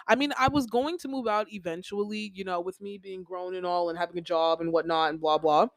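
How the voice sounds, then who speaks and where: A woman's voice: on the low side, a little fast, gravelly, dry recording, rough recording. A young adult woman hosting a podcast, venting in a casual personal monologue with many "like" fillers, repeating herself. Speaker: podcast host.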